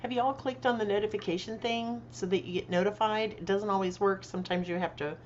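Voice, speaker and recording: A woman's voice: mid-range voice, fast, slight background noise. A middle-aged woman hosting a casual livestream, chatty and tired after a long day, greeting viewers by name and laughing often. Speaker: livestream host and author. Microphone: desktop microphone. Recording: dull lo-fi livestream audio.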